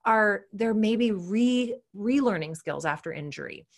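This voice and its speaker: A woman gymnastics coach chatting on a podcast through an earbud mic, acting out quotes with big jumps in pitch. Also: animated, a little slow. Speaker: gymnastics mindset coach, guest. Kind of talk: casual podcast chat.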